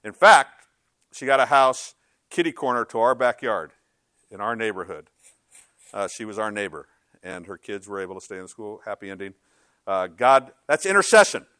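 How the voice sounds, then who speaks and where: A man's voice: on the low side, expressive, moderate pace, sharp tone, no room sound, studio quality. A male pastor preaching a sermon in a conversational, emphatic way, with frequent rhetorical questions.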